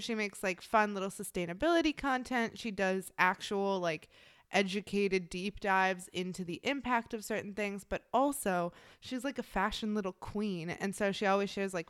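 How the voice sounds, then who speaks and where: A woman's voice: mid-range voice, clean tone, no echo, clean studio sound. A woman with a Scottish accent co-hosting a podcast, chatting casually and bubbly, with lots of fillers and casual swearing. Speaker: podcast co-host. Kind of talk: casual chat.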